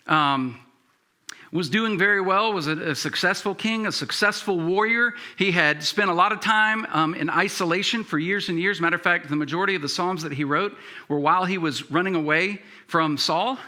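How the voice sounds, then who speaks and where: A male pastor delivers a sermon in a relaxed, conversational way, often restarting his sentences and filling pauses. His voice is very bright and forceful, and pitched somewhat high for a man. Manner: conversational, many fillers and restarts.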